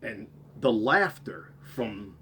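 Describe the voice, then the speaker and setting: A man telling a first-person story, rambling, repeating and correcting himself, his voice trailing off quietly at the end of phrases. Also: fairly low pitch, sing-song, takes it slowly, slight background noise.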